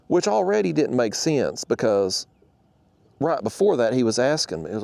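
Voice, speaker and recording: A man who hosts a fishing channel, telling a story to the camera in an animated, exasperated rant. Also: mid-range voice, normal speed, gravelly, no echo.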